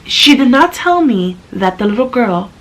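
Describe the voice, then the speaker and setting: A young adult woman vlogger telling a story in casual chat. She is animated and sassy, and her voice jumps up high when she quotes people. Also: moderate pace, poor audio.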